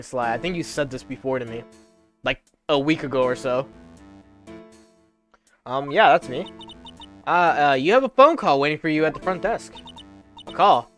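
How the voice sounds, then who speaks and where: A man streams a game playthrough, reading each character's lines aloud in a loose, chatty way. His voice sits a little high, and quiet music plays under him. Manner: reads game lines aloud, chatting and laughing with viewers between.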